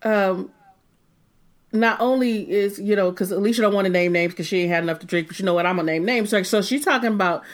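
A woman co-hosting a casual podcast discussion, animated and rambling, with frequent laughter and restarts. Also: medium pitch, quick pace. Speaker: podcast co-host.

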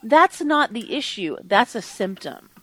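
A woman's voice: on the high side, big pitch swings, measured pace. A woman co-hosting a casual podcast discussion, blunt and frank, swearing freely. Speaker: podcast co-host.

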